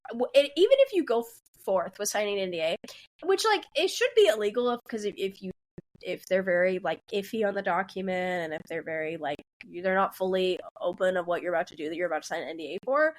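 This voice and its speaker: A woman in her twenties co-hosting a podcast, talking in a rambling, animated way with many restarts. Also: mid-range voice, fast talker. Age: 20s. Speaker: podcast co-host. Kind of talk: casual chat.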